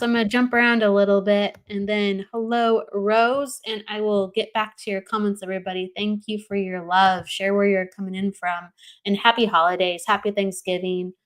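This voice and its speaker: A woman hosting a spiritual live stream, greeting viewers by name in a bubbly way and laughing often. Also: mid-range voice. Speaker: host.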